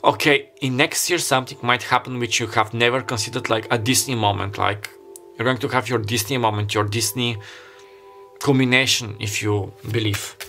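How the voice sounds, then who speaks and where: Over faint background music, a man reads tarot in a pick-a-card format, his mid-range voice steady and sharp at a moderate pace. His delivery rambles with frequent stops and restarts and lots of "like," and he comes across as earnest and openly emotional.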